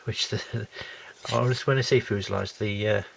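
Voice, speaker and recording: A man who reviews scale model kits rambles through a casual unboxing, full of fillers and restarts, still getting over a lingering cold. His voice is on the low side and creaky, with a steady tone at normal speed. A little hiss or hum sits under the recording.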